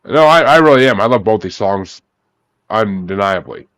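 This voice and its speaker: An animated man with a fairly low, fairly bright voice and normal pace hosts a laid-back music podcast, calling guests by name on an online call during bracket chat. He swears liberally, and there's no room sound.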